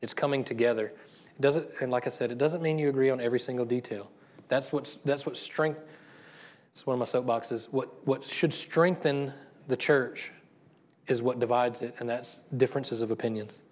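A man's voice: medium pitch, steady tone, moderate pace. Chatty male pastor preaching casually. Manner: casual and chatty, with frequent restarts and laughter. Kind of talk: conversational sermon.

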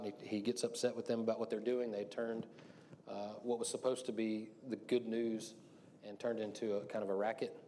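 A low-pitched man preaches a casual, chatty sermon. He laughs often and acts out the quotes in a mellow, dark voice. Faint noise sits under the recording. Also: flat delivery, quick pace.

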